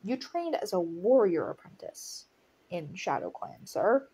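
Woman reading aloud with commentary, husky, animated, laughs at the text. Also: fairly low pitch, measured pace. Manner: breaks off to laugh and react to the story. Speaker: audiobook reader of a fan story.

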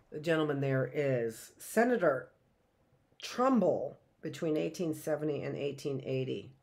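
A woman's voice: deep voice, darkish tone. A middle-aged woman teaching a live history lesson, reading from notes and breaking off into chatty asides and rhetorical questions.

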